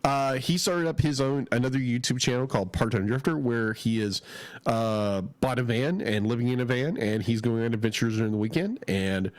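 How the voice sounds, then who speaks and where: A man's voice: mid-range voice, animated, moderate pace, no room sound. A man co-hosting a podcast, chatting casually and enthusiastically, rambling and restarting his sentences, with a head cold. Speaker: podcast co-host. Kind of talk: casual chat.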